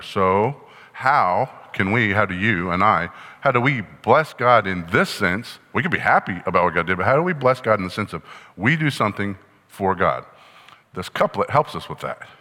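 Bright-voiced male pastor in a reverberant hall. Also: on the low side. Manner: conversational teaching, asks the congregation questions. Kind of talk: sermon.

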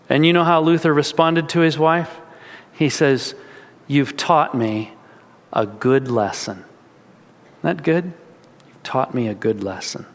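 A man's voice: fairly high pitch, fairly bright tone. A man preaching a sermon, earnest and storytelling, with casual asides to the congregation. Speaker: pastor. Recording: echoey hall.

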